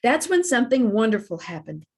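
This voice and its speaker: A woman librarian reading a children's picture book aloud for storytime, slow and expressive. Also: on the high side, husky.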